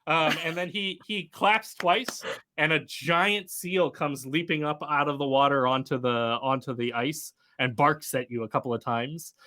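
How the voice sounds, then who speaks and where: A man's voice: on the high side, steady tone, pushed and bright. A man running a tabletop game as game master, narrating with many fillers and restarts. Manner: halting, full of fillers and restarts.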